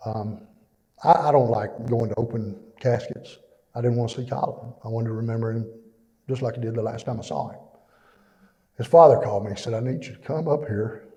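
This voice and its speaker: Dark-voiced man giving testimony. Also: medium pitch, fairly even intonation, a little fast, pauses often. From East Texas. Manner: plainspoken and emotional, with many fillers. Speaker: church testimony speaker. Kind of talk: personal testimony. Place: church fellowship hall. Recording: long reverb in a church hall.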